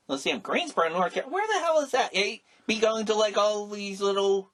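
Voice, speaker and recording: A middle-aged man co-hosting a casual podcast, rambling and animated, with many restarts and exclamations. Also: sits high, brisk. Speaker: podcast co-host. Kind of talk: casual chat.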